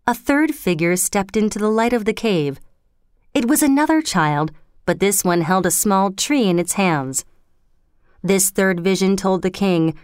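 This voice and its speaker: A woman narrating a storybook in a measured, clear reading. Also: medium pitch, expressive, dry recording, clean studio sound.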